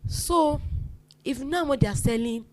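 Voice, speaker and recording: Lively Nigerian woman telling stories. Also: high-pitched, a little slow. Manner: animated, acts out quoted people, laughs often. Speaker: podcast guest. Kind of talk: casual storytelling chat.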